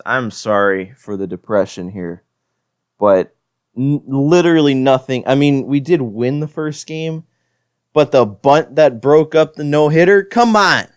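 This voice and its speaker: A man's voice: mid-range voice, measured pace, smooth, no echo, studio quality. A young man giving casual play-by-play commentary on his own video game, frustrated and self-deprecating. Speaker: gaming channel host. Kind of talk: gameplay commentary.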